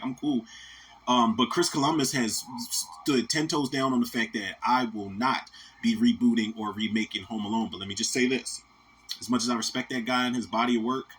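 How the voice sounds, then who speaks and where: A man's voice: medium pitch, a little hiss or hum. A man in his thirties, hosting a podcast and giving a casual, rambling, profane movie rant that keeps coming back to "man". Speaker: podcast host.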